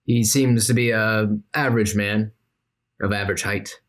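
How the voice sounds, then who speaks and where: A man's voice: on the low side, normal speed. A man narrating a tabletop game as game master, playful and joking. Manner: playful, deadpan jokes.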